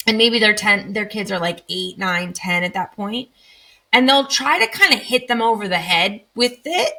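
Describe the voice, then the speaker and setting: Woman, 30s, podcast guest; crisp bright tone, expressive storyteller who acts out moments. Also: mid-range voice, a little fast. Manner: animated, acts out anecdotes with lively emphasis. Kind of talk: casual conversational storytelling.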